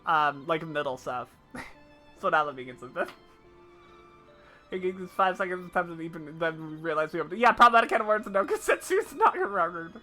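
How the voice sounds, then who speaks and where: A woman's voice: sits low, a little fast, long pauses, sharp tone, soft background music. A woman streaming live, chatting casually and laughing easily while answering her chat.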